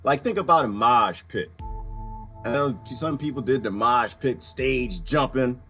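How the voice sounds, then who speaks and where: A man from Washington, D.C. giving an animated, ranting commentary, laughing often as he reacts to clips. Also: medium pitch, a little slow, soft background music. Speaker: political commentary vlogger.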